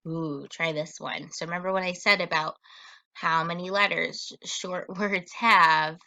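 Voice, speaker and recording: Young woman teacher, phonics lesson; unhurried and crisp, recorded dry and close. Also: lowish voice, steady tone, bright, forceful tone, dry recording. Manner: slow, patient sounding-out of words.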